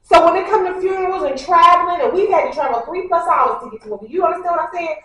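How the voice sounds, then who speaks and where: A woman vlogger with a high voice tells her story straight to the viewers, animated and acting out the other people's words. She sits back from the mic in a very echoey room. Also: fast, muffled recording. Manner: animated, acts out what people said; talks straight to the audience, addressing them directly. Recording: very echoey, a bit far from the mic.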